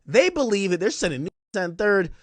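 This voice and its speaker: Animated man telling a story. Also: a little fast, no room sound. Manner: animated, recounts quotes in lower voice. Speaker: commentator. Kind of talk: casual storytelling to stream viewers.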